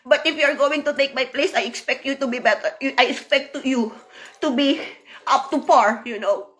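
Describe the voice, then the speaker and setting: High-voiced woman venting emotionally. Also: normal speed, fairly bright tone. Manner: emotional, repeats herself, frequent "you know". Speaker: former apprentice. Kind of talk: emotional personal vlog monologue.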